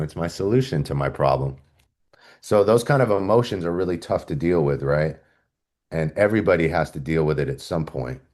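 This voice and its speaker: A man from Los Angeles speaking at a recovery meeting, telling his personal story with animated storytelling and acted-out quotes. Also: low-pitched.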